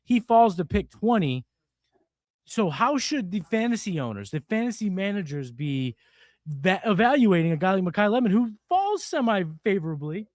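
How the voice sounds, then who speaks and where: A man co-hosting live football draft coverage, quick and energetic, throwing questions and banter at his partner. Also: high voice, dry recording. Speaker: co-host.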